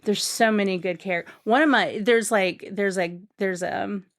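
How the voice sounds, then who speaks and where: A woman's voice: medium pitch, moderate pace. A woman guest on a podcast, chatting casually and enthusiastically, rambling with lots of fillers and restarts.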